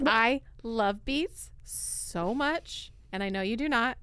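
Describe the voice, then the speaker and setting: A woman's voice: fairly high pitch, takes it slowly, fairly bright tone, clear, resonant tone, dry recording. A woman co-hosting a podcast, chatting casually and playfully with many "like"s. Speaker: podcast co-host. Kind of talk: casual chat.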